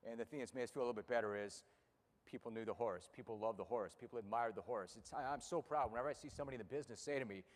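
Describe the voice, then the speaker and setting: A man in his fifties speaking emotionally to an audience about losing his racehorse, halting and repeating words when upset. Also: medium pitch, big-room sound. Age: 50s. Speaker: racehorse owner and radio host. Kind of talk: emotional personal speech to an audience. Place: room with a live audience.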